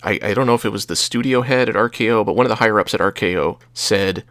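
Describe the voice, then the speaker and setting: Low-voiced man rambling about movies. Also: fast, few pauses, fairly bright tone, dry recording. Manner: rambling, hesitant, fillers and restarts. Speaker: podcast co-host. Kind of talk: casual movie chat.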